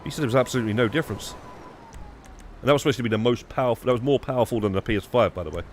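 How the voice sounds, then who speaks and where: A man's voice: mid-range voice, racing, soft background music. A young British man streaming a game, chatting casually and rambling with restarts and swearing. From United Kingdom. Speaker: live streamer. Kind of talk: casual gaming stream chat.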